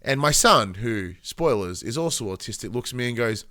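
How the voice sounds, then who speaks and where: A man's voice: fairly low pitch, animated, brisk, bright, forceful tone, no room sound, studio quality. An Australian man co-hosting a podcast, telling rambling stories with lots of fillers and chuckles. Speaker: podcast co-host. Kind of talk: casual podcast chat.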